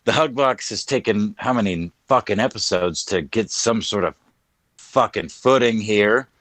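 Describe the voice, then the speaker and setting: A man's voice: on the low side, measured pace, fairly bright tone, dry recording. A man co-hosting a live online podcast in crude, joking, rambling banter. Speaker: podcast co-host. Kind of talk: casual live-stream banter.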